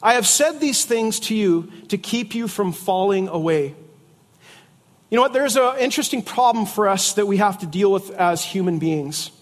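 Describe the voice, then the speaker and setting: A man's voice: high voice, expressive, normal speed, in a large hall. A middle-aged man preaching a sermon in a conversational way, with jokes and asides. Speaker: pastor.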